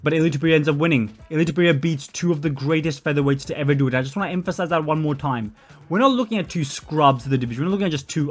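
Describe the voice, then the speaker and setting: A man's voice: on the high side, rapid-fire. Opinionated young man ranking fighters. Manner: blunt, opinionated, with frequent fillers and self-corrections. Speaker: MMA commentary channel host. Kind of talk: opinionated solo commentary. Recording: faint background music.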